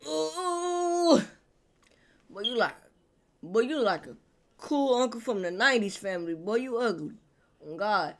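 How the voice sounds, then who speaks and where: A woman's voice: medium pitch, lively intonation, a bit bright. A woman hosting a reaction video, teasing and roasting the people on screen in slangy casual banter, drawing words out and repeating them for emphasis. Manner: drawn-out, repetitive emphasis.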